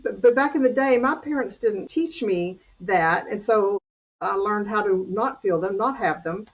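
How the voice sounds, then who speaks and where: An older woman with a breathy, husky voice speaks earnestly, sharing personal struggles in a faith-based podcast conversation. She restarts her sentences often as she works through her thoughts. The recording is dull and lo-fi. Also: mid-range voice, measured pace. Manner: earnest, confessional, with frequent restarts. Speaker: weight-loss coach.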